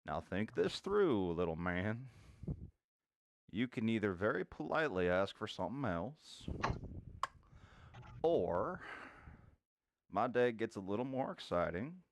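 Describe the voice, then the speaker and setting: A man voicing a menacing old Western cowboy gunslinger with a slow, folksy, threatening drawl. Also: on the low side, no echo.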